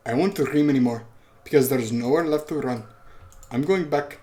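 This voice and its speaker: Young guy reading a visual novel out loud, chill asides, average voice. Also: mid-range voice, normal speed. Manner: casual, offhand asides. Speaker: podcast host.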